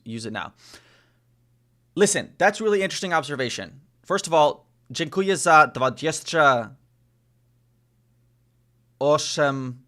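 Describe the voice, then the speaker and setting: Streamer, male, native Spanish speaker, slightly high voice, repeats phrases as he sounds them out. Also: a bit bright. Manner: repeats phrases slowly, sounding out foreign words. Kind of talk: casual live-stream language practice.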